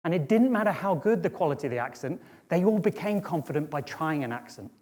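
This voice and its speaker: Lively man telling a story on stage. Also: on the high side, fast talker. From Britain. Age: middle-aged. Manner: lively, conversational, checks in with "right?" and "okay?". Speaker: speaker. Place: auditorium stage.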